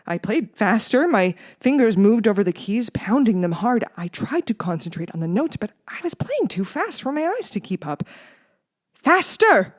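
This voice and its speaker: A podcast host reading a children's horror book aloud in dramatic, expressive narration with a few small slips. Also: mid-range voice, normal speed, few pauses, no echo, clean studio sound. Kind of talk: audiobook-style narration.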